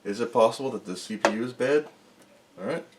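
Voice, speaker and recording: A man's voice: medium pitch, a little fast, heavy background noise. A man hosting his own electronics repair videos, talking casually and self-mockingly as he works at a repair bench. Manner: rambling, self-mocking, mutters while working. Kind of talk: casual workbench narration.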